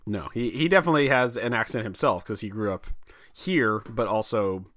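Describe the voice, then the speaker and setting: Easygoing man from Kansas, animated pitch. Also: a little fast, no echo, clean studio sound. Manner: easygoing, laughs often. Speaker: podcast co-host. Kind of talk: casual chat.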